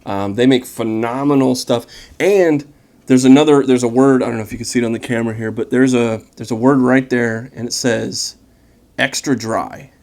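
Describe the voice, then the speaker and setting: Gravelly-voiced man chatting about wine. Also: medium pitch, normal speed. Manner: relaxed, chatty, enthusiastic, many fillers. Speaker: wine vlogger. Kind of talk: casual wine tasting chat.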